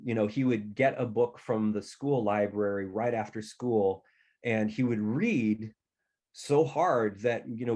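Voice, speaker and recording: In this casual conversation, the guest is a middle-aged writer who tells chatty anecdotes and mimics his relatives' voices along the way. He speaks on the low side, with a somewhat dark tone.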